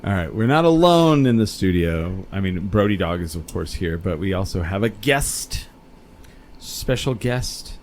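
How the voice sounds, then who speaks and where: A man's voice: sits low, lively intonation, unhurried. A man hosting a podcast in a small studio, joking around in casual banter. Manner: jokey, slips into silly quoted voices. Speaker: podcast host. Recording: faint air conditioning hum behind.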